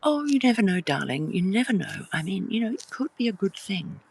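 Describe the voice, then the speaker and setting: A woman's voice: medium pitch, sing-song, brisk, creaky, darkish tone, breathy edge, voice pushed up, full character voice, poor audio. A woman putting on the voice of her elderly, doting, conservative mother, airy and coaxing.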